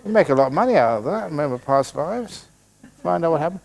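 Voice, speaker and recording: This older Buddhist teacher from England talks fast, his voice on the high side, gravelly and a little mellow, with plenty of expression. In a meditation hall, he fields questions at a light-hearted retreat talk, joking, telling stories and imitating the people he quotes.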